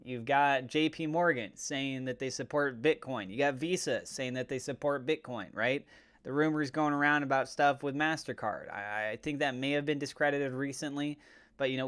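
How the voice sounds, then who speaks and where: A man's voice: medium pitch, a bit bright, smooth. A man hosting a crypto channel, giving casual market commentary in a chatty way and often checking in with "right?". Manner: chatty, keeps asking "right?".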